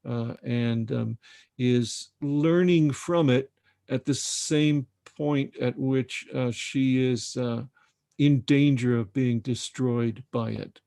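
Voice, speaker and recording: A man in his sixties, an author, talking reflectively about writers in a halting, thoughtful way, pausing often to search for words, over a video call. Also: medium pitch, fairly even intonation, vocal fry, dark tone. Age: 60s. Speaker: author discussing his novel. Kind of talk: reflective book conversation.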